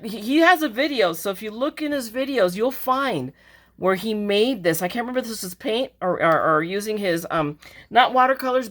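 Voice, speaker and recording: A woman's voice: mid-range voice, a bit bright. A middle-aged woman chatting casually as a crafting vlogger, gushing and emotional as she opens her mail. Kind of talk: casual chat.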